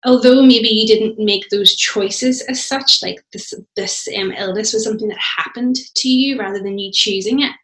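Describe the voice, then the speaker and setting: A woman interviews a guest, asking gentle, thoughtful questions. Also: fairly high pitch, moderate pace, few pauses. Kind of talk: casual interview. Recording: roomy echo.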